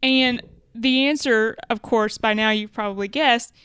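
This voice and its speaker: A podcast co-host from Alabama, USA, talks through business lessons in a conversational way, thinking aloud and correcting her wording as she goes. Her voice is fairly high and unhurried, with a fairly bright, clean tone and no room sound.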